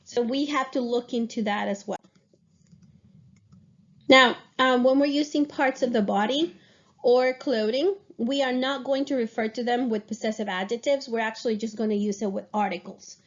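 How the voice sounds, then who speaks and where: A woman's voice: a little high, normal speed, dull audio. A woman teaching Spanish grammar to a class, explaining patiently and checking in with her students.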